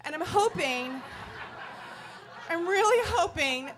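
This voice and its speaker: High-voiced woman telling a comic story. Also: takes it slowly, slight background noise. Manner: animated, self-deprecating comic delivery. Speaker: comedian storyteller. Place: live storytelling stage before an audience.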